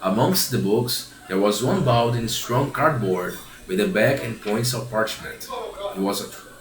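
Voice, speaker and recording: A man's voice: fairly low pitch, animated, measured pace. A man reading a children's classic aloud, often restarting and repeating phrases as he goes. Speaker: reader. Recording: roomy echo, faint background hiss.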